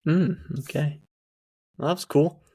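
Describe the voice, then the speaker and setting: A man's voice: a little high, steady tone, takes it slowly, dark tone, breathy edge. Wry, teasing man in casual chat. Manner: wry, teasing, sarcastic asides. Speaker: podcast co-host.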